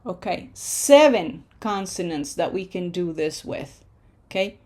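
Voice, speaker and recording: A woman's voice: lowish voice, expressive, unhurried, a little mellow. A woman teaching a Spanish pronunciation lesson, patiently drilling syllables and checking in with frequent questions.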